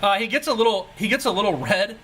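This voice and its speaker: Bright, laid-back male game master. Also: high voice, lively intonation, quick pace, slightly rough, low-quality recording. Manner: rambling, laid-back, self-mocking. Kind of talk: narrating a tabletop game.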